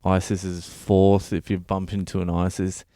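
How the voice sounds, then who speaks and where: Deep-voiced Australian man ranting comedically. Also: little pitch movement, moderate pace, dark tone, dry recording, clean studio sound. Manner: profane, ranting. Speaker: comedian podcast host. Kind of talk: comedic monologue.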